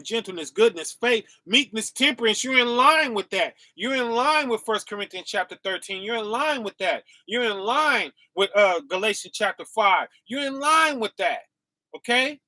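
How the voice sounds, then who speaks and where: With animated energy, a man calls out to his livestream viewers, laughing frequently as he preaches slowly in a high, bright voice. The stream is casual, and the sound is dry, close, and free of echo.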